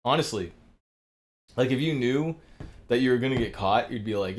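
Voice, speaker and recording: A man's voice: mid-range voice, animated, moderate pace, a little hiss or hum. A man streaming live, talking in a rambling, profane monologue full of fillers. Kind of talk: casual livestream monologue.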